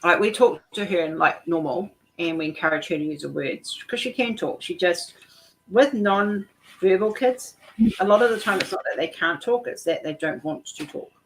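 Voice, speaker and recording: A woman's voice: fairly low pitch, animated, moderate pace, rough recording. Chatty rambling woman host. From New Zealand. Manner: chatty, rambling with many restarts. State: nauseous. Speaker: host of a craft chat stream. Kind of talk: casual chat while diamond painting.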